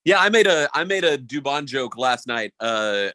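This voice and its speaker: A man with a mid-pitched voice rambles through casual sports talk as a podcast co-host. He restarts his sentences often and laughs easily. The sound is dry and close. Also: expressive, normal speed, bright, forceful tone, no room sound.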